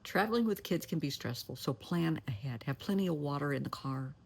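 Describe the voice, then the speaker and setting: Her deep, husky voice is expressive and creaky, moving fairly quickly as this middle-aged therapist advises viewers on camera. She speaks plainly and folksily, calling them honey and sweetheart, sometimes dropping to a near whisper to drive a point home.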